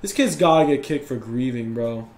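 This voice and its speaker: A young man giving live commentary over a basketball video game, competitive and quick to yell and complain about his opponent. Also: mid-range voice, animated, echoey room. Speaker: gaming YouTuber.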